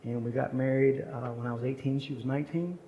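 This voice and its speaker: A man's voice: mid-range voice, a little fast, dark tone, a little hiss or hum, poor audio. A man in his forties preaching at a chapel service, telling a personal story and acting out the voices of the people in it. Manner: storytelling, acts out quoted voices. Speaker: chapel speaker. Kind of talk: sermon story.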